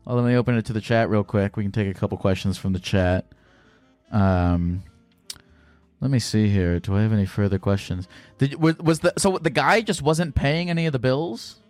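A man's voice: on the low side, a little mellow, no echo, soft background music. A man hosting a call-in podcast, talking casually with frequent restarts and fillers. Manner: halting, with many restarts and fillers. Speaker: podcast host.

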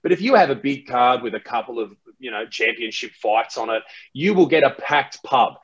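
Australian man, relaxed chatty guest, self-mocking, dull lo-fi audio. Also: mid-range voice, moderate pace, husky. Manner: laid-back, self-mocking, many restarts. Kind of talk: casual interview chat.

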